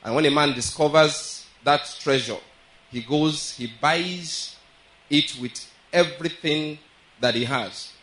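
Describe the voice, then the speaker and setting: A man's voice: a little high, slow pace, a bit bright, poor audio. A man preaching a sermon, earnest and repetitive, often checking that his listeners follow. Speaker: pastor.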